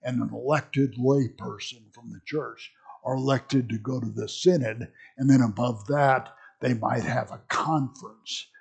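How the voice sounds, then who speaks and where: A man giving a relaxed classroom lecture at an unhurried pace. His voice is gravelly with a husky edge, and he talks conversationally, often restarting his sentences. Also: mid-range voice. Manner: conversational, many fillers and restarts. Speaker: church history teacher.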